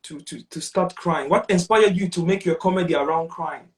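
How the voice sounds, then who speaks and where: A man's voice: fairly high pitch, moderate pace. A man hosting an interview, asking questions with encouraging remarks and some stumbles. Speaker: interviewer host. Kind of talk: casual interview.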